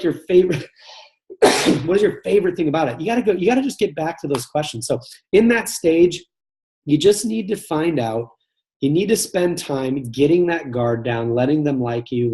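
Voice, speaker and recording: Earnest fast-restarting male sales coach. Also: a little high, a little mellow. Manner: earnest, repeats and restarts phrases. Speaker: sales coach hosting a live training call. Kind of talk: live webinar coaching talk.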